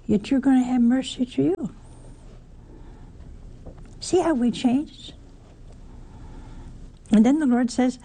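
Woman, older, sermon, unhurried, gravelly, rhetorical questions. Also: on the high side, dark tone. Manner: slow, conversational preaching with rhetorical questions. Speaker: preacher.

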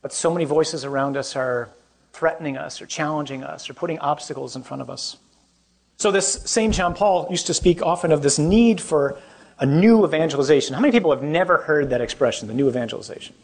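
A man's voice: a little high, animated, fairly quick. Joking, conversational male priest. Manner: conversational, self-deprecating, asks the audience questions. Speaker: parish priest. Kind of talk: humorous preaching to a young audience.

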